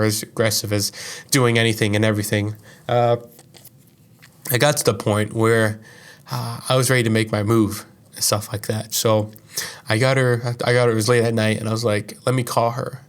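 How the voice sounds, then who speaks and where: A young man hosting a podcast tells a personal story in a lowish, flat voice at normal speed. His casual monologue rambles, full of profanity, fillers, and constant use of "like."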